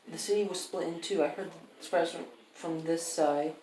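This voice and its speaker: A game master voicing a worried mother of young boys who is a survivor, speaking in a plain, halting way. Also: low-pitched, steady tone, a little mellow, lightly acted. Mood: anxious. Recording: roomy, distant mic.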